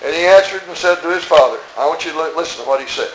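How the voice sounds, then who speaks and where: A man preaching an expository sermon in a church, emphatic, asking rhetorical questions and swinging between soft asides and raised outbursts. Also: on the high side, very fast. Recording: roomy echo.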